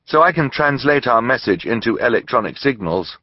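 A man's voice: medium pitch, animated, brisk, no room sound, highs cut off, voice pushed up, natural voice. A man voicing a bookish young boy who talks nervously and hesitantly in a storybook reading.

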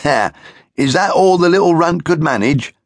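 A man voicing a boastful, bullying big brother rabbit in a children's audiobook, loud and scornful. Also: fairly high pitch, sing-song, moderate pace, dry recording, studio quality, pitched above the performer's own voice. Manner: scornful, shouting, bossy. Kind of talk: audiobook character voice.

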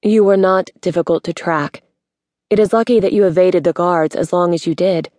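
A woman's voice: lowish voice, moderate pace, no echo, studio quality, close to an everyday voice. Female narrator doing a composed, secretive spy with stiff formal speech. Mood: calm. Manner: calm, formal, no contractions.

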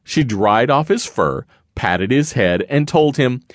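A man's voice: mid-range voice, animated, takes it slowly, dry recording, clean studio sound. A man narrating a rhyming children's picture book in a sing-song read-aloud manner. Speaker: audiobook narrator.

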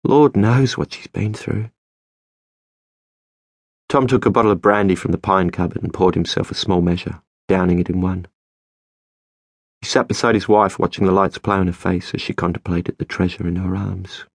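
A man narrating a novel as an audiobook, in a measured, steady storytelling manner. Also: low-pitched, dry recording, studio quality. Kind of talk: scripted narration.

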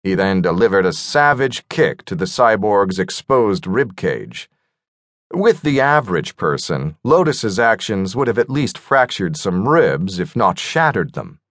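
A man narrating an audiobook with expressive storytelling. His low voice moves through a lively pitch range. The sound is dry and close to the mic. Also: a little slow, no room sound. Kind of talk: scripted narration.

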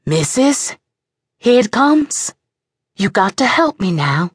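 A woman's voice: medium pitch, sing-song, slow, husky, no echo, studio quality, exaggerated voice. A woman doing an urgent, pleading midwife. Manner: pleading, urgent dialect speech.

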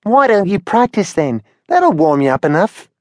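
Teasing young boy sparrow, voiced by a man, high and lively, close dry sound. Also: normal speed, no echo.

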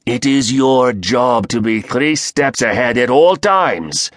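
A man voicing a raspy, impatient male leader of a sinister secret council, commanding and cold. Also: medium pitch, lively intonation, slow, dry recording, clean studio sound, voice pushed up. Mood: stern.

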